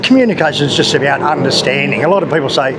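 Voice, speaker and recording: A man's voice: fairly high pitch, fast talker. A man with an Australian accent, talking casually and bluntly as he walks city back streets for a travel vlog, swearing now and then. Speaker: travel vlogger. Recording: loud street traffic and motorbikes behind. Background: traffic and motorbikes.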